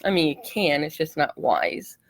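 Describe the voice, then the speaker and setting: A woman's voice: deep voice, animated, normal speed, slight background noise. A middle-aged woman hosting a casual craft tutorial livestream, chatty and apologetic, a bit out of breath and coughing from allergies. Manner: chatty, apologetic, laughs easily.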